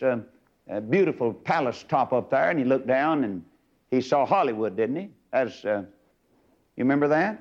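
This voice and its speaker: Lively old-time preacher man, lo-fi tape. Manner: swings from booming to low and confiding, folksy asides. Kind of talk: fiery sermon.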